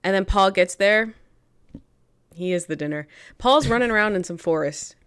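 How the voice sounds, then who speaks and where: A woman co-hosting a podcast in casual chat, animated, laughing often and swearing freely. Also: mid-range voice, moderate pace, clear, resonant tone. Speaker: podcast co-host.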